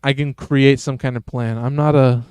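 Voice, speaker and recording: A man's voice: medium pitch, fairly even intonation, normal speed, darkish tone, clean tone, dry recording. A man streaming a game, chatting casually and rambling in a laid-back, slangy way. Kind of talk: casual gameplay commentary.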